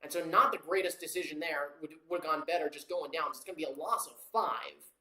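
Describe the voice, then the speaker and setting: A home play-by-play caller narrates a live game to a watchalong audience in a casual, rambling way. Fillers and quick self-corrections run through the calls. The voice sits at a middling pitch and echoes around a roomy room. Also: sharp tone. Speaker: amateur play-by-play commentator.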